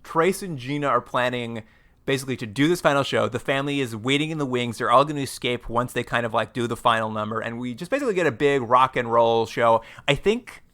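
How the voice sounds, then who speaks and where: Podcast host guy rambling through a recap, bright clear tone, mid pitch. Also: lively intonation, quick pace. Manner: rambling, lots of "like" and restarts, laughs often. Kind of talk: casual chat recapping a show.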